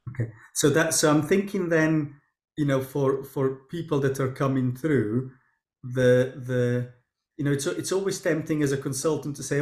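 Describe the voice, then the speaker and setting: A man's voice: mid-range voice, moderate pace, a little mellow. A man, a consultant doctor, interviewing a guest in a thoughtful, conversational way. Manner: thoughtful, brief backchannels. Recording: roomy echo.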